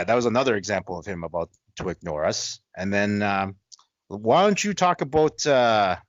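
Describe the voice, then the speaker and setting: A man's voice: low voice, no echo, highs cut off. A man co-hosting a podcast, telling a profane story and quoting friends in dialogue. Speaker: podcast co-host. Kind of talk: casual storytelling chat.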